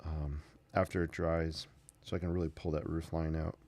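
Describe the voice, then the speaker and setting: A man's voice: extremely low pitch, level tone, normal speed, a little mellow. A man hosting his own sketching channel, chatting casually and thinking aloud as he draws. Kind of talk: casual narration while sketching.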